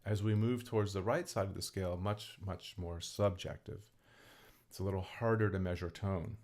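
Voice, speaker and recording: A man with a fairly low speaking voice talks casually from his bedroom, explaining things as he goes. He often tags his sentences with "right?" and drops in "um" and "you know," with small restarts along the way. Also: fairly even intonation, moderate pace, a little mellow. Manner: conversational, frequent "right?" tags and fillers; explaining, thinking aloud with restarts. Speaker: vlogger and hobby singer. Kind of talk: casual spoken talk to camera. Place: home bedroom.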